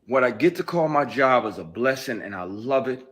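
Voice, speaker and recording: A man telling a personal story, emphatic, swinging between quiet intensity and loud outbursts. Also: medium pitch, animated, normal speed. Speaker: actor telling his story. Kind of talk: heated personal account, clip.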